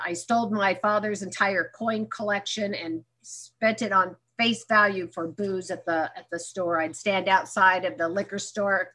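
A woman's voice: on the low side, bright, forceful tone. A woman speaking at a recovery meeting, telling her own story frankly and acting out remembered dialogue with self-mocking humor. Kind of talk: candid personal testimony.

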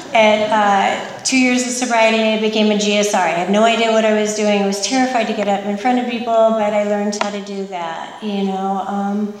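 A woman giving a candid, emotional personal testimony as a speaker at a recovery meeting, often pausing with fillers. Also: medium pitch, background noise. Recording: echoey hall from far off.

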